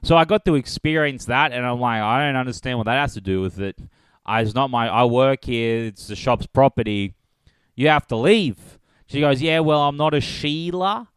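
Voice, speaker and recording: A man's voice: medium pitch, moderate pace, clean tone, dry recording. Sarcastic man telling a story. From Australia. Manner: animated, sarcastic, acts out both sides of quarrels. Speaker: podcast host. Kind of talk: solo comedic storytelling.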